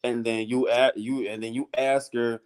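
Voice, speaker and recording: Male guest, casual storyteller, slangy, animated, mid-pitched. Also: moderate pace, clear, resonant tone. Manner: animated storytelling with slang, often acting out high-pitched voices. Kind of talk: casual chat.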